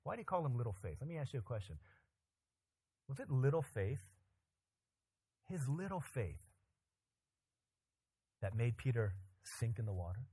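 A pastor preaching a sermon, animated and joking, with loud emphatic climbs in his voice. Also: medium pitch, moderate pace, long pauses, breathy edge.

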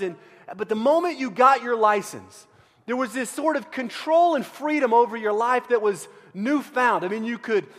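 High, bright-voiced man preaching in a hall. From Central Texas. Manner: animated, self-deprecating, many restarts. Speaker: pastor. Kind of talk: sermon storytelling. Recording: long reverb of a large hall.

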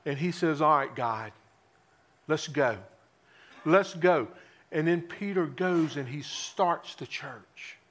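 A preacher with a notably high voice delivers a sermon. He keeps asking the congregation questions and lets his voice fall to a hush before rising again on the key points. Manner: dramatic swings from loud to hushed, rhetorical questions.

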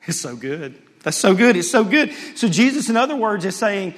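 A pastor delivers a sermon with a slightly high-pitched voice. He swings from loud, soaring peaks to hushed, low asides. Long reverb from a large hall trails every line. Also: moderate pace, few pauses.

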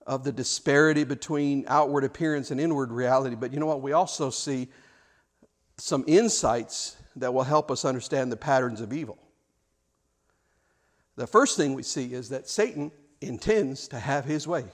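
A man preaching a sermon, telling stories with restarts and rhetorical questions. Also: on the high side. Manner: storytelling with repeated words and rhetorical questions. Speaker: pastor.

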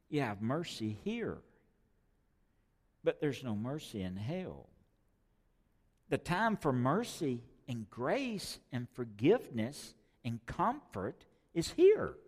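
A male preacher delivering a sermon in a church, emphatic and repeating key words, dropping from loud to hushed. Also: medium pitch, wildly swooping pitch, slow pace, long pauses, big-room sound.

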